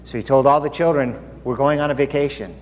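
A male pastor shares a personal story within his sermon, earnest and confiding. His voice sits at a middle pitch. It rings out with long reverb in a large hall or sanctuary, over a faint wash of room ambience. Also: steady tone, fast, slight background noise.

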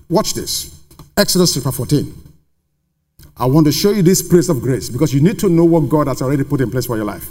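A man's voice: medium pitch, expressive, fairly quick, a little mellow. A man preaching a sermon to a congregation in a church, emphatic and full of rhetorical questions. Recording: long reverb of a large hall.

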